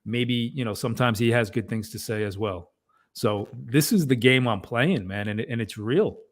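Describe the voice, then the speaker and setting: A man co-hosting a podcast, speaking in a relaxed, offhand way, a little away from the microphone. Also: mid-range voice, moderate pace. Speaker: podcast co-host. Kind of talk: casual podcast talk.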